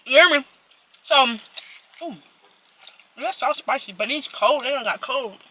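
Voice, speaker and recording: Young woman vlogger, chatty storytime over a meal, bright and a bit high. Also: measured pace, slightly rough. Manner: chatty, animated, addresses viewers directly. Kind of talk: casual storytime while eating.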